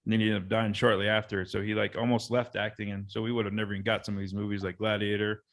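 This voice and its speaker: A man's voice: fairly low pitch, little pitch movement, fast. A man hosting a podcast, tipsy and rambling in casual chat, swearing now and then. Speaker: podcast host.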